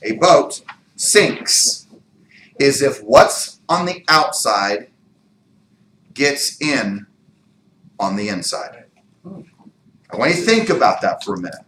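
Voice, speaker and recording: A man giving an energetic, emphatic motivational training talk in a meeting room, firing rhetorical questions at the room. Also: medium pitch, slow, pauses often, roomy sound, a little hiss or hum, poor audio. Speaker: real estate sales trainer.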